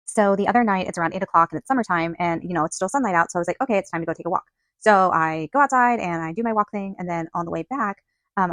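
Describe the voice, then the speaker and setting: A woman's voice: fairly low pitch, dry recording. A woman hosting a podcast, telling a personal story in a chatty way, full of "like" and quoted dialogue. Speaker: podcast host. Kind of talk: casual storytelling monologue.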